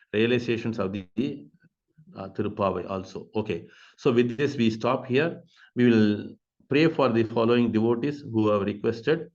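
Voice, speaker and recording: Low-pitched guy teaching a devotional verse class, slow, keeps asking "huh?", muffled lo-fi audio. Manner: explains Sanskrit verses slowly, asks rhetorical questions. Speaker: class speaker.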